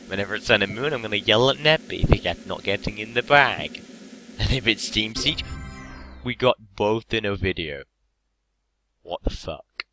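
Hyperactive young English man, lively pitch. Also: normal speed. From England. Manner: hyperactive, swearing, laughing often. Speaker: card-opening YouTuber. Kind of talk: casual pack-opening commentary.

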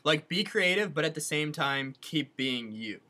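A woman's voice: sits low, expressive, moderate pace, bright, forceful tone. A woman co-hosting a casual advice chat, talking earnestly and saying "like" a lot. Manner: chatty, earnest, says "like" often. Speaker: advice show co-host.

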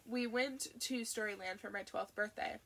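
A woman's voice: mid-range voice, moderate pace, creaky, a bit bright. A woman reading an audiobook, voicing an embarrassed teenage girl who grumbles and protests.

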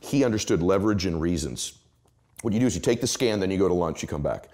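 A middle-aged man speaking as an interview guest, telling motivational stories with emphatic, animated delivery. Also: low-pitched, quick pace.

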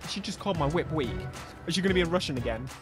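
A man commentating his own racing game playthrough, excitable and jokey, laughing often. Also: on the high side, racing, over music. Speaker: gaming YouTuber. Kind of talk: let's play commentary.

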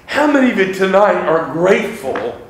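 A man's voice: high voice, sing-song, normal speed, a little hiss or hum. A man preaching a revival sermon as a visiting evangelist, fervent and conversational, reading scripture in old-style wording. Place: church sanctuary. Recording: echoey church sanctuary.

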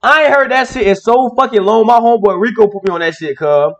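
A young man hosting a casual basketball reaction video, talking in animated, slangy street speech full of swearing. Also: quick pace, highs cut off. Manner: animated, swearing, slangy street talk, rising to high shouts.

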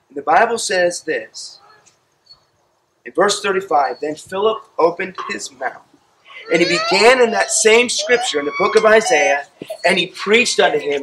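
A man preaching a sermon with a high, bright, forceful voice. He tells the story with animated flair, acting out the characters. He sounds out of breath from the effort. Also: measured pace, pauses often, a little hiss or hum, rough recording. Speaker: pastor.

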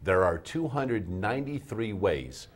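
A man's voice: fairly low pitch, big pitch swings, a little slow. A man hosting a math TV show from a studio, teaching in a patient, classroom style and checking in often with his listeners. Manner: patient, coaxing, checks in often with "all right?".

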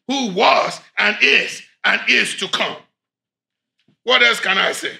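A man preaching a sermon as pastor, reading scripture aloud and breaking into shouted emphasis. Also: sits high, takes it slowly, creaky.

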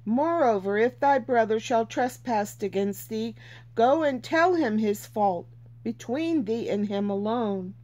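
A woman's voice: fairly high pitch, animated, measured pace, darkish tone. A woman reading Bible verses aloud and teaching from them in an earnest, informal way, repeating herself for emphasis.

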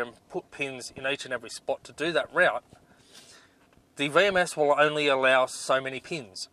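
A man's voice: mid-range voice, steady tone, normal speed, sharp tone, clean tone, dry recording. A man reviewing off-road navigation gear in a casual vlog, blunt and exasperated, with lots of ums. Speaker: 4WD touring vlogger.

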